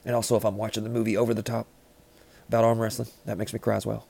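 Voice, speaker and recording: A man in rambling, deadpan comedic banter, riffing with frequent restarts. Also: on the low side, racing, vocal fry.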